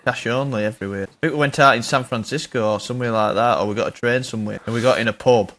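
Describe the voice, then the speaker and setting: A man's voice: mid-range voice, fast, fairly bright tone. A man, co-hosting a podcast and recalling a trip in casual chat. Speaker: podcast co-host.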